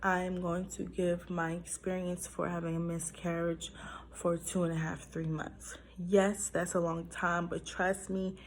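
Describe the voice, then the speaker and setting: A woman's voice: lowish voice, level tone, unhurried, a little hiss or hum. A young adult woman telling a personal story in a casual vlog, emotional and full of fillers. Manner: emotional, talks through it with fillers. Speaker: vlogger sharing a personal story.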